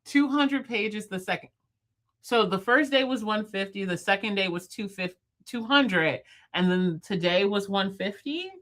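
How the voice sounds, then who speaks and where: A woman in her thirties hosting a livestream, chatting casually with viewers, fast-talking and playful. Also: medium pitch, expressive, fairly bright tone. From United States. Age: 30s. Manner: talks fast, chatty and playful, laughs often. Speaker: livestream host. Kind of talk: casual live chat with viewers. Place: at home, in bed.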